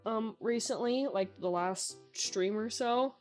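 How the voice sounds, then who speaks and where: A woman's voice: on the high side, takes it slowly, a little mellow, faint music behind. A young woman streamer in a casual Q&A chat, talking in a chatty way with lots of filler words.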